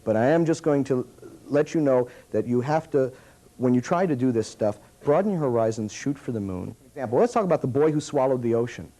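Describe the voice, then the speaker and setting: A man teaching a puppetry workshop in an animated, demonstrative way. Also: mid-range voice, fairly quick, rough recording.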